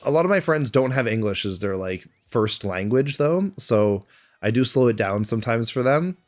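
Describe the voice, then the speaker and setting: A man's voice: mid-range voice, expressive, normal speed. Chatty Canadian man streaming. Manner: chatty, answers chat questions aloud between game moments. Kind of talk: casual live-stream chat.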